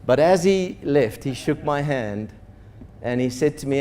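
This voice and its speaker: A man's voice: mid-range voice, expressive, measured pace, darkish tone. A man, a pastor, telling a story in a sermon and acting out the dialogue with animation. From South Africa.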